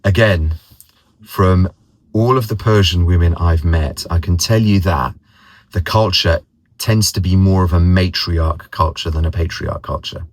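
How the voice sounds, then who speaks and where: Casual vlogger: man, very low voice, dry close sound, rambling anecdotes. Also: measured pace, no room sound. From London, England. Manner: rambling, repeats words, mimics others' voices in anecdotes. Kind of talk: casual personal storytelling.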